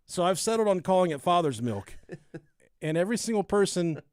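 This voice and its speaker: A man's voice: sits high, lively intonation, fairly quick, darkish tone, no room sound, studio quality. A man co-hosting a podcast, telling a true-crime story and chatting casually, swearing and laughing at his own jokes. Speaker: podcast co-host.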